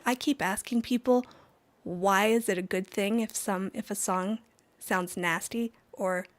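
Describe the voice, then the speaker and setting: A woman with a fairly high voice, recorded with no echo, hosts a live music stream as its singer. Between songs she rambles and chats casually with viewers in the chat, laughing often, while music plays in the background.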